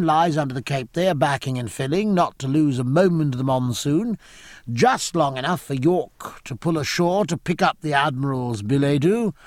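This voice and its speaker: A man voicing a hearty middle-aged naval captain who talks in brisk, jovial sea slang. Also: on the high side, no room sound, clean studio sound, close to an everyday voice.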